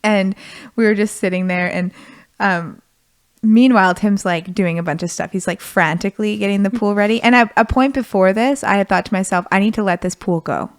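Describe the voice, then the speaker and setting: Woman, podcast host, mid pitch, earnest storyteller, dry close sound. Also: fairly even intonation, fairly quick, smooth, no room sound. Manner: earnest, heartfelt retelling. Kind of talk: casual conversation, personal story.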